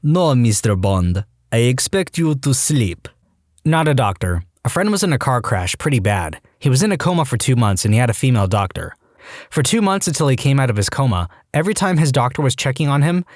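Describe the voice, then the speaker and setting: A man with a medium-pitched voice narrates Reddit stories for a podcast, animated and quick to leap into acted-out quotes. The sound is studio quality with no echo.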